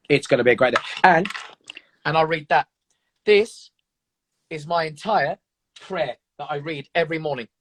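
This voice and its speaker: Earnest husky man, fairly high. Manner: earnest, emphatic, repeats words. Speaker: guest. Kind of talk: motivational casual chat.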